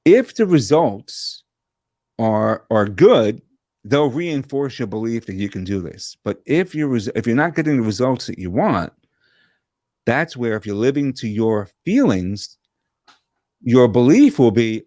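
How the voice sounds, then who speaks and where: A man, a guest coach, telling a story in an energetic, animated conversational way over a video call, full of quick restarts. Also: medium pitch, dry recording, studio quality. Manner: fast, animated talker with frequent restarts.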